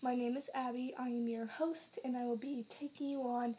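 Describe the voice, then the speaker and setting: A bubbly woman with a high, bright voice hosts her own podcast, excited and a little out of breath. She rambles and corrects herself as she talks, and faint noise sits behind her. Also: moderate pace. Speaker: podcast host. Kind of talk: casual solo podcast chat.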